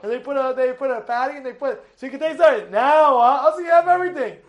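A man giving an animated sermon as a rabbi, acting out shouts and quotes with many restarts. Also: very high-pitched, fast. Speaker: rabbi giving a weekly Torah talk.

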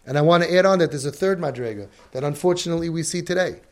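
A man with a slightly high voice giving an emphatic religious lecture. He coaches parents and slips into the voices of the people he quotes. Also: rapid-fire.

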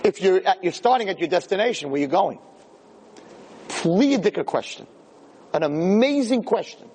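A man's voice: high-pitched, normal speed, breathy edge, in a large hall. A man giving a humorous lecture to an audience, telling stories and acting out the scenes. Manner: animated storyteller, acts out scenes. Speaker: lecturer giving Torah classes.

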